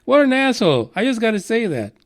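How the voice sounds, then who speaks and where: A man with a high voice hosts a news podcast. He rants with blunt sarcasm and heavy swearing. His commentary is loose and mocking. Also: big pitch swings, fast talker. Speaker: podcast host.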